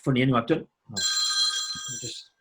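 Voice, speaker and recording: A man's voice: mid-range voice, lively intonation, normal speed, noisy background. A male actor talking as a podcast guest in casual chat, rambling and enthusiastic, often restarting his sentences. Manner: rambling, enthusiastic, self-interrupting.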